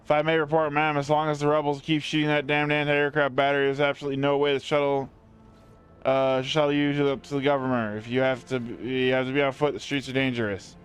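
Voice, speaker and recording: A man's voice: mid-range voice, flat delivery, fast talker, clean tone, close to an everyday voice. A man reading a weary, dutiful sergeant's lines aloud from a game, in a formal report style. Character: weary male sergeant reporting to his superior.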